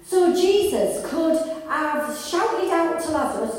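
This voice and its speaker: A woman's voice: a little high, expressive, moderate pace, few pauses, darkish tone. A woman preaching a sermon to a congregation, earnest and conversational, with frequent restarts and rising fervour. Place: church hall with congregation. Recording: echoey hall, voice from far off.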